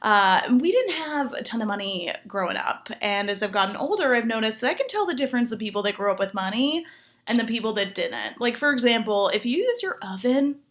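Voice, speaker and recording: A woman's voice: a little high, brisk. A woman in her twenties from Chicago, performing a sarcastic stand-up comedy set. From Chicago, United States. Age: 20s. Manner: animated, sarcastic punchline delivery.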